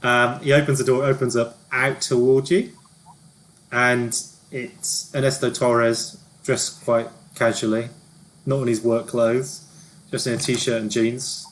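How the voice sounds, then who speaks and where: A man narrating a tabletop game as game master, halting often with ums and restarts. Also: medium pitch, level tone. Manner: hesitant, lots of ums and restarts.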